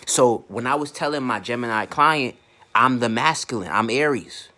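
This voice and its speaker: A man coaching on online marketing speaks in a loose, unscripted rant. His talk is blunt and full of swearing, and he often stumbles over repeated words as his thoughts run ahead. His pitch sits in the ordinary middle for a man. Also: normal speed, pushed and bright. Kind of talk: casual to-camera rant.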